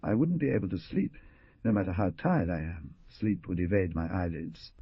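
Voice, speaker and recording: A man voicing a sad, gentle young daughter, reading her lines in a raised, pleading voice for an audiobook. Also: lively intonation, normal speed, husky, dry recording, muffled recording, full character voice. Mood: sorrowful. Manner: pleading, hesitant, raised pitch.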